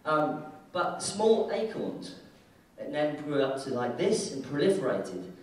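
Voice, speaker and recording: A keynote speaker from the United Kingdom gives a casual, joking and irreverent talk in a large conference hall. His voice runs on the high side, sing-song and measured. The hall is echoey and the mic sounds far away.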